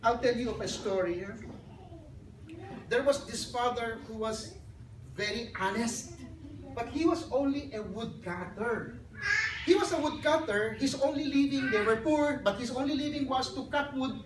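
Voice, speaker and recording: Earnest woman speaker, sermon-like talk, slightly high voice, distant mic. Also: moderate pace. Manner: earnest, storytelling, addresses audience directly. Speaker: speaker at a child dedication. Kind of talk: sermon-like talk with a joke story. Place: hotel function hall. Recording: echoey hall, distant mic, background noise.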